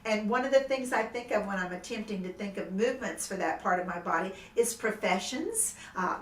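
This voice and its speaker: A woman instructor calmly explaining seated movement exercises to a class. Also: medium pitch. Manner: gentle, explanatory, then animated emoting. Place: room with music playing. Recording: echoey room, mic at a distance, music behind.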